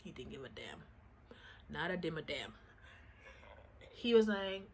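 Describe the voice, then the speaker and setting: A woman's voice: low-pitched, big pitch swings, unhurried, long pauses, a little mellow, a little hiss or hum. A woman casually telling a personal story to her vlog audience, acting out the quotes with lots of "I'm like" asides.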